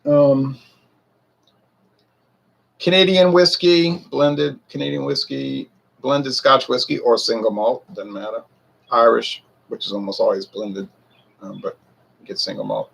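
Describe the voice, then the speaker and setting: A man's voice: mid-range voice, fairly even intonation, unhurried, gravelly, pauses often, a bit bright, husky. A man in his forties who reviews whiskey, rambling and a bit defensive as he talks straight to his viewers. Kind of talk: casual talk to camera.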